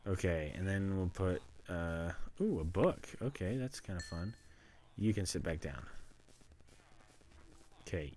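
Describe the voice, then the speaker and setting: A man's voice: low-pitched, a little mellow. A man streaming himself playing a game, casually narrating what he does and chatting to the animals in it. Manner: rambling self-narration, chatting to pets. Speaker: livestreamer. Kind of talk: casual gameplay commentary.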